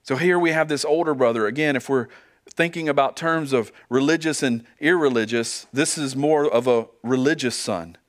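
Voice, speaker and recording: A man's voice: mid-range voice, moderate pace. A man preaching a sermon as pastor, earnest, asking his listeners rhetorical questions and often repeating words as he goes.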